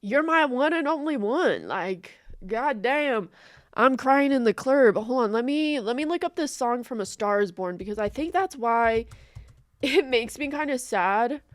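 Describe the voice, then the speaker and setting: A woman's voice: fairly high pitch, lively intonation, a little slow, no room sound, clean studio sound. A young American woman giving casual, emotional reaction commentary as a streamer. She rambles and says "like" constantly. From United States. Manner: emotional, rambling, heavy use of "like".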